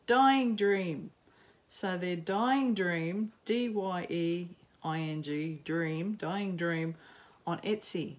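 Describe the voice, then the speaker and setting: Slow, rambling Australian woman. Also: on the low side. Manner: rambling, self-mocking, quick laughs and many ums. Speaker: knitting podcaster. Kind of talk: casual chat to camera. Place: home, in sunshine.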